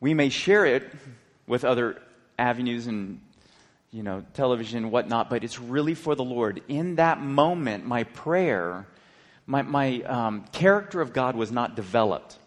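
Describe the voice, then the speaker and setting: A man's voice: medium pitch, expressive, moderate pace. A man preaching, earnestly and dramatically retelling a story with quoted dialogue. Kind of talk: sermon storytelling. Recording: long hall reverb.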